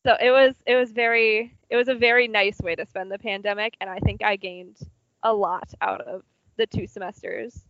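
A woman's voice: mid-range voice, steady tone, normal speed, a bit bright, dry recording. A young adult woman, a student literary journal editor, talks through her semester in an earnest, rambling way, full of fillers, heard over a remote call. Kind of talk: casual group reflection. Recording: dull, lo-fi, dry sound.

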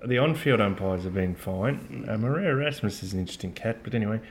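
A man's voice: on the low side, animated, fast. A man chatting casually as a podcast co-host, rambling and hesitant with many ums. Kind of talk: casual chat.

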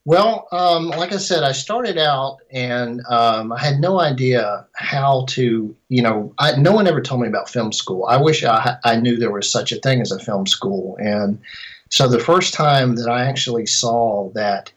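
A middle-aged filmmaker chats as an interview guest at a middle pitch. He rambles, restarts his sentences and leans on fillers as he goes. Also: animated, a little slow, low-quality recording. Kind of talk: casual interview storytelling.

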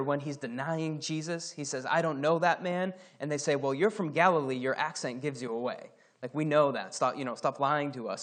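Conversational man teaching from scripture. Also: a little high. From Scotland. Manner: conversational, with fillers, reads scripture aloud. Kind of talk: casual Bible teaching.

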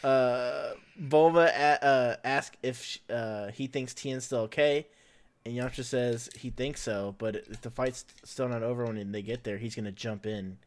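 A man's voice: medium pitch, unhurried. A man hosting a casual podcast, recapping an episode in a chatty way, laughing often and filling gaps with "like" and "uh".

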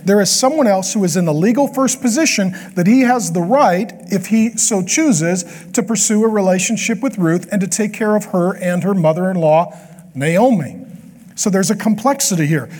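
A man preaching a sermon as a pastor, with lively, joking asides to the congregation. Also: sits high. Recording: long hall reverb.

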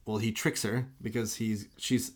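A man's voice: fairly low pitch, little pitch movement, normal speed, slightly rough. A man co-hosting a casual podcast, enthusiastically discussing a film and acting out its scenes. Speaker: podcast co-host.

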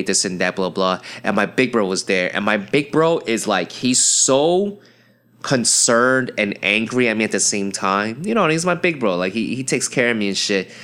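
A young man hosting a podcast, telling a story in a rambling, profane and excitable way, full of fillers and restarts, and jumping into high yelps when he acts out his friends. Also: clear, resonant tone. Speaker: podcast host. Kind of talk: casual storytelling monologue.

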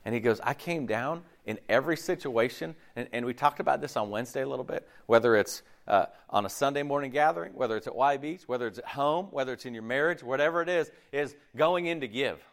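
A man preaching a sermon in an animated, conversational way, acting out quick asides. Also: medium pitch, gravelly. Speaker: pastor.

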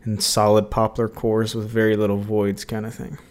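A man's voice: fairly low pitch, monotone, normal speed. A man from Mississippi co-hosting a woodworking podcast, chatting casually and slipping into mock quotes. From Mississippi, USA. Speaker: podcast co-host. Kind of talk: casual chat.

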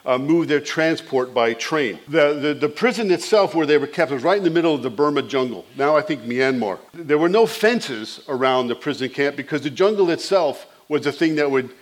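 A male preacher delivering a sermon in a fairly high voice. He builds fervent emphasis line by line, then drops into easy conversational asides with small fillers. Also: expressive, normal speed, hardly any pauses. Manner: fervent, rising and falling with emphasis.

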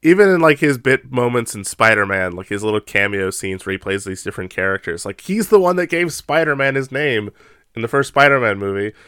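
A man co-hosting a podcast, chatting casually about a film in an animated way with frequent laughs. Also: mid-range voice, smooth, dry recording, clean studio sound. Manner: animated, laughs often, quick asides. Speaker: podcast co-host. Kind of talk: casual movie review chat.

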